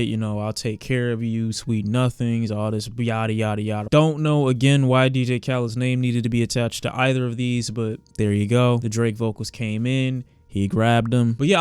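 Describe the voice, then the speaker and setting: Man, casual music review talk, sarcastic asides, smooth clear voice, dry close mic. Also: medium pitch, a little mellow, no echo. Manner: candid, sarcastic asides to the song. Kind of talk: casual reaction commentary.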